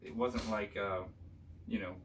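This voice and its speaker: A man's voice: on the low side, steady tone, measured pace, fairly bright tone, recorded from a distance, slight background noise. A young adult man casually prompting his father for stories, informal with many fillers. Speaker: son interviewing his father. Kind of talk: casual conversational interviewing.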